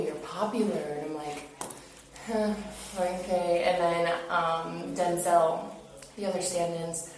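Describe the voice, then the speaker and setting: A young woman casually retelling events, chatty and full of fillers, acting out what others said. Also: sits low. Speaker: interviewee recounting an incident. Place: interview room. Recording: echoey room, far from mic, hiss.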